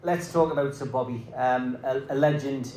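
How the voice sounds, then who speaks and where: A man's voice: mid-range voice, normal speed, a little mellow, slight background noise. A man hosting a live interview, steering the talk with playful, teasing segues. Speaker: podcast host. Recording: echoey room.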